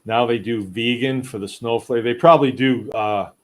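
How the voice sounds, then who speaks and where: A man's voice: medium pitch, fairly even intonation, normal speed. A middle-aged man hosting a casual chat, rambling in a folksy way and reading viewer comments aloud. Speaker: podcast host. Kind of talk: casual live-stream chat.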